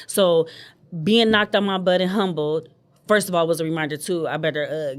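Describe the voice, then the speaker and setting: A woman in her thirties hosting a solo podcast, talking candidly and chattily with many fillers and restarts, sometimes acting out her own past words. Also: fairly low pitch. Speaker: podcast host. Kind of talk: casual solo podcast monologue.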